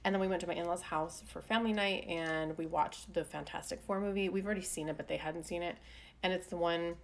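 A woman's voice: fairly low pitch, fairly even intonation, fast talker, creaky. A young woman chatting casually through a voiceover about her week, rambling with lots of fillers. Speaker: planner vlogger. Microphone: desk mic voiceover.

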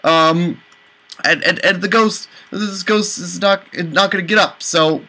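A man commentating a let's play, exasperated, with high panicked outbursts and swearing. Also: fairly even intonation, unhurried, sharp tone, poor audio. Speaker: gaming channel host.

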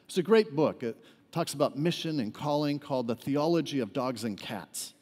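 A man's voice: mid-range voice, animated, normal speed, a little mellow, slightly rough. A man preaching a sermon to a church congregation, joking with the crowd and asking them to respond. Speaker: guest preacher. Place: church sanctuary. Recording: echoey church hall reverb.

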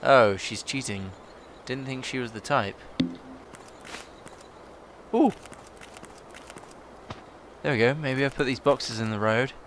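A man's voice: medium pitch, slow pace, long pauses, fairly bright tone, slight background noise. A man chatting playfully while playing a game, reading characters aloud in put-on voices.

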